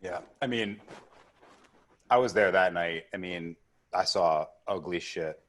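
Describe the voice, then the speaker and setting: A man's voice: low-pitched, takes it slowly, fairly bright tone. A young man, an activist running for office, talking emotionally as a guest and filling his speech with "like". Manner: filler-heavy, says "like" constantly, emotional. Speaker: activist and assembly candidate, guest. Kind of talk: emotional casual conversation.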